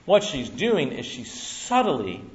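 A man preaching a Bible-teaching sermon in an animated way, acting out voices and laughing often. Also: fairly high pitch, takes it slowly. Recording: muffled lo-fi recording.

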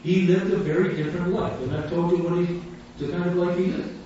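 A man's voice: high voice, steady tone, fairly quick, dark tone. A man preaching a sermon, telling a story with animation and acting out the voices of the people in it. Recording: echoey hall, distant mic, dull sound, faint room hum.

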